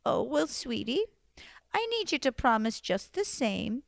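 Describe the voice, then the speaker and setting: A woman voicing a gentle, kindly little old woman who speaks softly and coaxingly, calling the girl sweetie. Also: high-pitched, big pitch swings, measured pace, vocal fry, no echo, full character voice.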